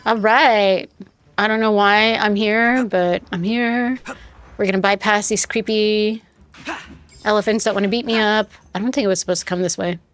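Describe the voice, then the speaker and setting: A woman's voice: medium pitch, steady tone, moderate pace, a bit bright, soft background music. A woman streaming a game live, telling a rambling story in casual chat and talking back to her viewers. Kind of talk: casual chat while playing.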